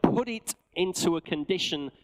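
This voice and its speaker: A man with a Northern English accent calling bids at a live car auction, with rapid patter and jokey asides. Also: high-pitched, lively intonation, rough recording. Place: auction sale room.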